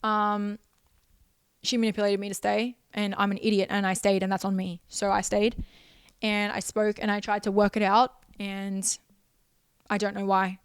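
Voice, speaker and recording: A woman's voice: medium pitch, flat delivery, normal speed, clear, resonant tone, dry recording, clean studio sound. A young woman, hosting a podcast and telling a personal story in an emotional, rambling way full of repeated phrases. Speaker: podcast host.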